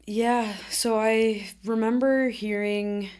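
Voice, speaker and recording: In a conversational interview, a twenty-something woman appears as a podcast guest and tells her story candidly and earnestly. Her voice sits a little high and is clean and slightly mellow, with fairly even intonation and a slow delivery.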